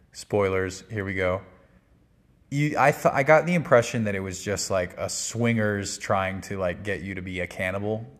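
A man giving a casual, rambling spoken movie review, full of fillers and restarts. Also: lowish voice. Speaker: film reviewer.

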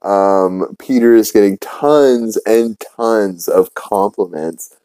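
A man's voice: fairly low pitch, takes it slowly, dark tone, clear, resonant tone, dry recording. A man hosting a podcast, casually recapping a cartoon episode with lots of ums and uhs. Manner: rambling, many fillers. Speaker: podcast host.

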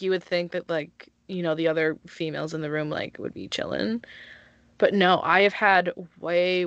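A woman's voice: fairly low pitch, a bit bright, dry recording, muffled recording. A woman co-hosting a podcast, talking in a blunt, emphatic way and swearing freely. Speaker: podcast co-host. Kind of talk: casual chat.

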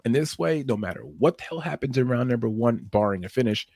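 This MMA betting analyst has a medium-pitched, animated, slightly mellow voice with no room sound. Podcast-style, he casually picks apart fight betting lines, talking fast and loose, frequently starting over, and chuckling at his points.

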